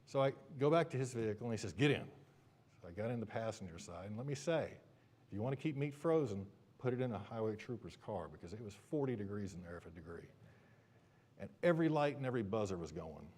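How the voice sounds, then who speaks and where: A preacher telling a humorous personal story during a sermon, with lively, animated delivery. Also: male voice, lowish voice, fast talker.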